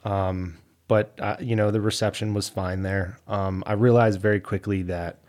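A man's voice: fairly low pitch, moderate pace. A man, an Army veteran, telling stories in a podcast interview, acting out quotes and laughing often. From United States. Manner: animated storyteller, acts out quotes, laughs often.

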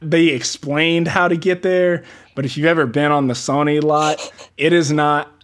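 A man's voice: on the high side, moderate pace, a little hiss or hum. A man who works as a production assistant, telling stories from film sets in a casual interview, acting out quotes and laughing often. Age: older than typical entry-level peers. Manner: animated storyteller, acts out quotes, laughs often.

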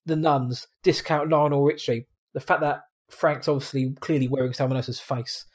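A man's voice: medium pitch, steady tone, normal speed, slightly rough. A man casually chatting about films as a podcast co-host, quoting and mimicking lines. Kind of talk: casual film review chat.

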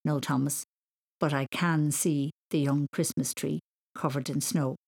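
A woman voicing a kind, playful father in a storybook reading, teasing gently. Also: fairly low pitch, animated, moderate pace.

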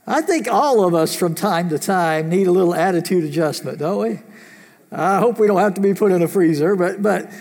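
A man's voice: high voice, expressive, moderate pace, darkish tone. A man preaching a sermon, telling a folksy joke and then teaching earnestly from scripture. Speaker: pastor. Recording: reverberant hall.

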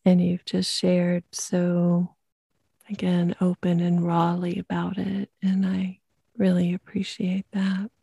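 A woman podcast host speaks slowly and evenly, with little rise and fall in her voice. Her tone is dark and husky with a gravelly texture, and she speaks in a gentle, supportive way. The sound is dry and close. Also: on the low side, monotone, no echo. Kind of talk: interview.

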